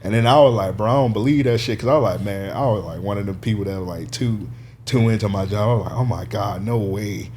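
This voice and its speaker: A man's voice: lowish voice, fast, a little mellow, a little hiss or hum. A man co-hosting a casual podcast, telling a long story full of "like" and laughing as he goes. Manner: storytelling, laughing, heavy use of "like". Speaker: podcast co-host. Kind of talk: casual chat.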